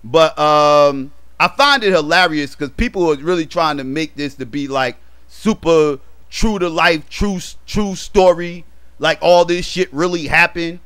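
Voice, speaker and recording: A man giving a heated, profane rant in a movie review vlog, repeating himself emphatically and building to shouts. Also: fairly high pitch, measured pace, smooth.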